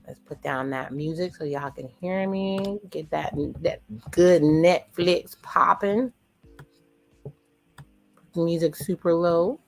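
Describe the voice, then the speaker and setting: A woman's voice: on the low side, slow pace, gravelly, faint music behind. A woman hosting a casual watch-along, chatting in slang and retelling a reality show's dialogue with blunt asides to her viewers. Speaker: watch-along reaction host. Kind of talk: casual reaction commentary.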